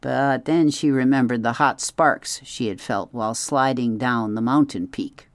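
Gentle audiobook narrator, dry sound. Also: mid-range voice, unhurried, no echo.

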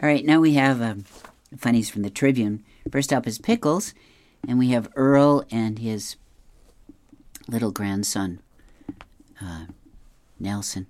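Middle-aged woman, very deep voice, unhurried relaxed comics reader, dry booth sound. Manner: relaxed, amused, describing each panel. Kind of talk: reading newspaper comics aloud.

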